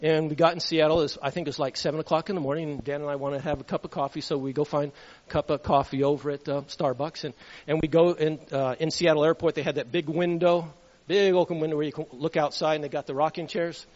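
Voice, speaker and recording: A man's voice: on the high side, steady tone, quick pace, a little mellow. A man giving a rambling sermon testimony, telling stories and chuckling at them. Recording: reverberant hall, dull lo-fi sound.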